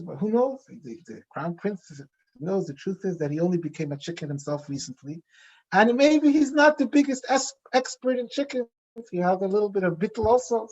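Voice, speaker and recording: A man, a rabbi, giving a farbrengen talk with animated storytelling and frequent restarts. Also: high-pitched, muffled recording.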